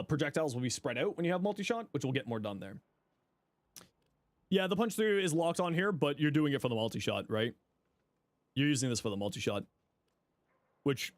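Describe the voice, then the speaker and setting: A streamer reviews viewers' game builds in casual livestream commentary, thinking aloud with frequent fillers while offering friendly advice. His medium-pitched voice is clear and resonant, and the recording is dry.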